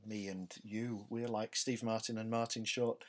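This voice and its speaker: A man's voice: fairly low pitch, flat delivery, normal speed. A Scottish man talks through comedy reviews in a loose, digressive way. He often stops mid-phrase to hunt for the right word, then corrects himself and carries on. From Scotland. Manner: rambling, searches for words and corrects himself. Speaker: podcast co-host. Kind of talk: casual comedy review chat.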